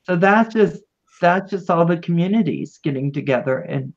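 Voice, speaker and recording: A woman's voice: on the low side, lively intonation, normal speed. Chatty woman hosting a lo-fi livestream. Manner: chatty, affectionate greetings to viewers. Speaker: livestream host. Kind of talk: casual livestream chat.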